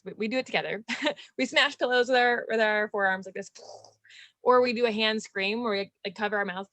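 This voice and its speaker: A woman hosting a video interview, speaking candidly in a loose, animated way and laughing often. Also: on the high side, a little fast, no room sound. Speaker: podcast host and relationship coach. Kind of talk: casual video interview chat.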